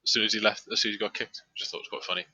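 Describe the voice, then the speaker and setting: Hesitant low-voiced man with a very bright tone. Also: little pitch movement, rapid-fire, breathy edge, highs cut off. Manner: hesitant, many fillers. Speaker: caller in a debate stream.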